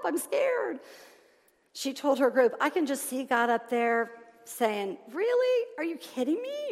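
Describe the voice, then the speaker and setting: Woman preaching in an echoing hall. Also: medium pitch. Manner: animated, swings between loud emphasis and soft hushed lines. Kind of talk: sermon. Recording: long reverb of a large hall.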